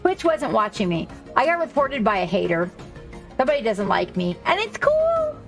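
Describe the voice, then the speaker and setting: A woman's voice: medium pitch, big pitch swings, brisk, faint music behind. A woman from Hawaii chatting casually with her stream viewers while she paints, rambling, swearing and joking.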